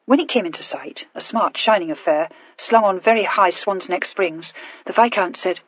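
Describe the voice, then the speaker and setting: Woman, audiobook narration, measured, husky, dull lo-fi recording. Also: medium pitch, dry recording. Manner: even, measured storytelling. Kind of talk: scripted narration.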